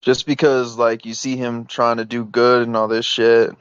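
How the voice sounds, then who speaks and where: A man speaks insistently over a voice call, exasperated and padding his points with fillers. His voice sits at an ordinary male pitch. The audio is dry and muffled, like a lo-fi chat recording. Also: flat delivery, moderate pace, fairly bright tone, smooth, dry recording. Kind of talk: heated private voice call.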